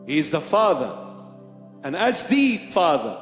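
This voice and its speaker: A man's voice: on the high side, big pitch swings, unhurried. A man preaching a sermon as a bishop in a church, emphatic and repetitive in his rhetoric. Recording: echoey church hall with faint music.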